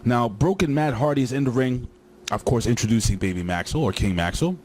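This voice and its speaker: A man's voice: medium pitch, lively intonation, a little fast, a little mellow, slight background noise. A man recapping a wrestling show in a casual, rambling way, joking and talking straight to his viewers.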